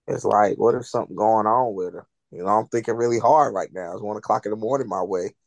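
A man's voice: fairly low pitch, fast talker, gravelly, dry recording. A man from North Carolina with a North Carolina accent, co-hosting a casual film podcast, blunt and crude and laughing a lot. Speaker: podcast co-host. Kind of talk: casual chat.

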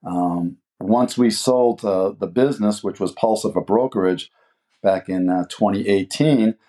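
60s guy, kinda low and mellow, interview guest, rambly, lots of uhs. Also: unhurried. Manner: rambling, many uhs and restarts. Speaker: guest, food business co-owner. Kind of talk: casual interview chat.

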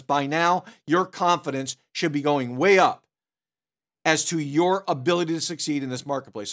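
A mortgage industry trainer in their sixties giving a motivational talk, a lively storyteller who repeats words when stressing a point. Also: mid-range voice. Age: 60s.

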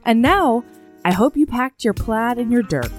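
A woman's voice: on the high side, animated, normal speed, faint music behind. A woman podcast co-host chatting casually over a remote call, giggly and reassuring. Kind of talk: casual chat.

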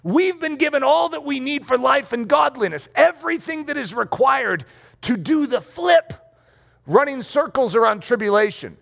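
A middle-aged male pastor preaching a playful sermon, acting out scenes and shouting for effect. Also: very high voice, lively intonation, normal speed, creaky. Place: room with rows of chairs.

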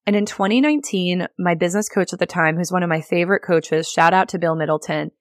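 A woman's voice: lowish voice, fast, dry recording, studio quality. A woman hosting a solo podcast, teaching in a chatty, upbeat way with frequent laughs and filler words. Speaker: podcast host and real estate agent.

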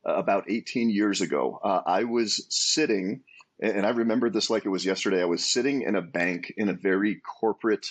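A man in his forties telling his own story as a guest in an interview, earnest and animated, with frequent restarts. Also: lowish voice, brisk, husky. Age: 40s. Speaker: guest, entrepreneur.

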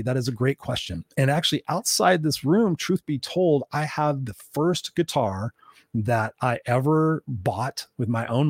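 A man's voice: mid-range voice, husky, no room sound, studio quality. A man hosting a solo livestream, telling candid, profane stories with lots of fillers and restarts. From Southern California. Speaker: host. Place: room at home.

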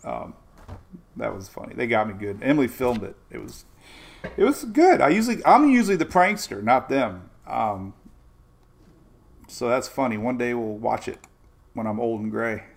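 An older man with a gravelly, creaky voice talks through the weather in a loose, rambling way. He hosts a casual weather stream and drifts into homey asides between forecasts. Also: medium pitch, very animated, moderate pace, long pauses. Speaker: weather show host.

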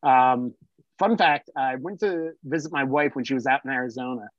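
A man's voice: mid-range voice, normal speed, dry recording. Rambling man telling a story, dull dry sound. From South Jersey. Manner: rambling, heavy on fillers like "uh" and "like". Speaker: podcast guest. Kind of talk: casual storytelling.

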